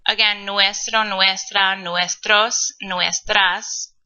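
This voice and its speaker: A woman teacher walks through a grammar lesson at an unhurried pace, patient and a little playful. Her voice is very bright and clear-toned, heard through a dull, lo-fi recording. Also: mid-range voice, steady tone. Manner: slow, patient explaining with casual asides. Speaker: Spanish teacher.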